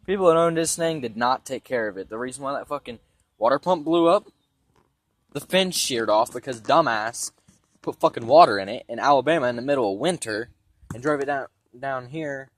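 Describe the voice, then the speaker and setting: A man's voice: mid-range voice, a little fast. A young man with congested sinuses telling a rambling, profane story about his truck in a blunt, casual way, outdoors beside parked trucks on a handheld phone camera. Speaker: vlogger giving a vehicle tour.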